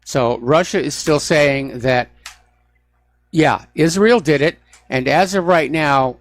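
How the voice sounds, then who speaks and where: A man's voice: a little high, no room sound. A man hosting a political call-in radio show, talking through the news with sarcastic asides. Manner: sarcastic, mocking blustery officials. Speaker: radio talk show host. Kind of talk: political talk radio monologue. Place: radio studio.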